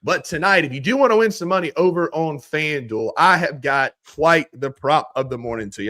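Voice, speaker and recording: A man's voice: fairly high pitch, brisk, hardly any pauses, sharp tone. A man with a Mississippi accent hosting a casual sports podcast, talking in a laid-back, folksy way as he walks through betting picks. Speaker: podcast host.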